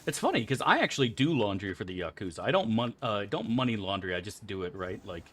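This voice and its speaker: Low-voiced rambling male gaming streamer. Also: sing-song, fast talker, fairly bright tone, slight background noise. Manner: rambling, joking, profane. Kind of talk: casual gameplay chat.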